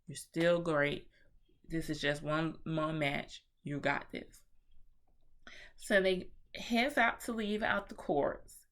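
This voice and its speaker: A woman giving a chatty, animated movie review in a casual vlog, with slang and swearing. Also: sits low, slow.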